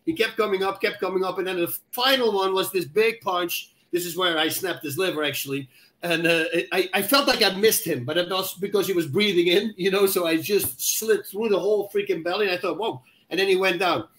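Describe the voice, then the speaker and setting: A man co-hosting a podcast, telling a fight story with excitement and acted-out sounds. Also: sits high, fairly quick. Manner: excitable, acts out sounds and shouts in his story. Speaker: co-host. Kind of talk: animated storytelling.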